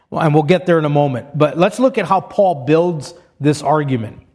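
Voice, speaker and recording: A man's voice: fairly high pitch, darkish tone. A man preaching an expository sermon, reading scripture aloud and explaining it step by step in an earnest way.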